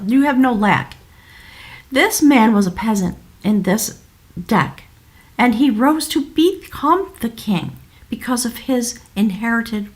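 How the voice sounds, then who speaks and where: Effusive woman giving a tarot reading. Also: on the high side. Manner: effusive, wandering, drops into soft whispers. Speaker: tarot reader.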